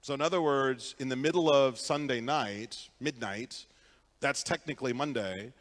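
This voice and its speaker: A man's voice: mid-range voice, moderate pace, fairly bright tone, in a large hall. A man giving a conference keynote, telling stories in a conversational way and putting questions to the audience. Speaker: keynote speaker. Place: conference hall.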